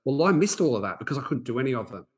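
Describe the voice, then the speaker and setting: A man in his forties tells a personal story as a podcast host. His voice sits at a middle pitch for a man. He sounds earnest and reflective, often breaking off and restarting his sentences. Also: very animated, very fast. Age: 40s.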